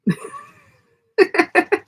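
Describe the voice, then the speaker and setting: A woman with a hoarse, croaky voice, chatting casually and rambling as she sews and answers a live chat. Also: drawn-out words. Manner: rambling, self-deprecating, chatty. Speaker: sewing livestream host. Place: home sewing studio.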